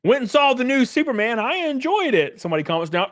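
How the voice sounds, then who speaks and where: A man hosting his own livestream, rambling and swearing in a casual rant that swings between loud bursts and quiet mutters, chuckling often. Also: very high voice, sing-song, normal speed.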